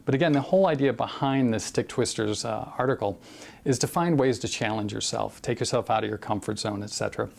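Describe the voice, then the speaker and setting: A man teaching a drum exercise in a relaxed way, talking it through with many fillers and counting beats aloud. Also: lowish voice, fairly quick, vocal fry. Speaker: drum instructor. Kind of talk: casual drum lesson with counting.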